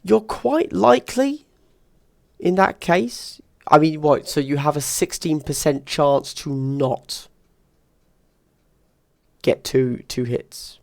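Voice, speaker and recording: A man casually reviewing tabletop wargame rules, thinking out loud and weighing options with quick asides. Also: on the high side, gravelly, no echo, studio quality.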